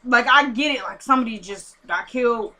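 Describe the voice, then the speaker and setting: A woman casually recapping a TV episode, retelling scenes in an animated, indignant way. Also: on the high side, a little fast. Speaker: TV show recapper.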